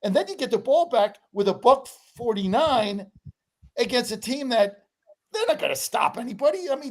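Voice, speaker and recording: A man in his sixties, a regular co-host, telling animated stories in a casual sports betting chat. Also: high voice, low-quality recording. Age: 60s. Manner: animated, excitable storyteller.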